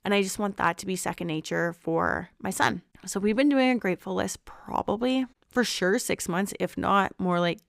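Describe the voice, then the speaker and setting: A woman in her thirties hosting a podcast, talking candidly in a relaxed, reflective monologue. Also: medium pitch, moderate pace, creaky, few pauses, no room sound, clean studio sound. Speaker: podcast host. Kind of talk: casual personal reflection.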